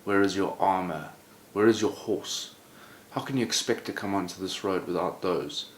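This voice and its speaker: A man voicing a mighty, scornful male knight in armor, booming and commanding in a slow, drawn-out way. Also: natural voice. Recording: roomy echo, faint background noise.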